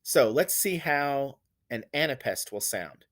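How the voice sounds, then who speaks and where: Slow, animated male poetry teacher. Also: mid-range voice. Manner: explanatory, reads verse lines slowly with heavy stress; fillers and self-corrections. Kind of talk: classroom lecture on poetic meter.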